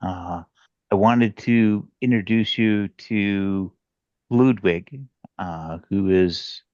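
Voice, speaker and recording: Casting: slow, hesitant male player, lowish voice, dull dry audio. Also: dry recording. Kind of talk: in-character tabletop role-play.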